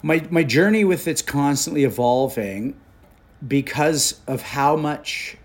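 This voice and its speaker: A man's voice: fairly high pitch, slow pace. A man in his forties from Canada, an actor talking candidly and animatedly as an interview guest. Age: 40s. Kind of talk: casual storytelling conversation.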